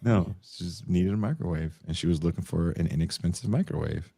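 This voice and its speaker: This young man's low voice is creaky, warm, and slightly rough, and he speaks briskly. Co-hosting a podcast, he tells stories in relaxed chat, swearing plenty and mimicking the people he quotes.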